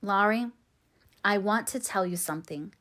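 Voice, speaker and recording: A woman's voice: fairly high pitch, lively intonation, moderate pace. A woman reading a spirited, earnest young woman. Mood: earnest, remorseful. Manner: earnest, gently firm. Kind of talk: audiobook reading.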